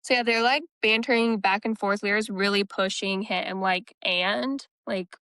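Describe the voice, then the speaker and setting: A woman retells scenes from a fantasy novel in casual chat, dropping into the characters' lines without changing her voice much. Her tone is smooth and clear at a middling pitch. She sits close to the mic in a dry room. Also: fairly even intonation, normal speed, pushed and bright, no echo. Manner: recounts scenes, quoting characters in her own voice. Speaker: book podcast co-host.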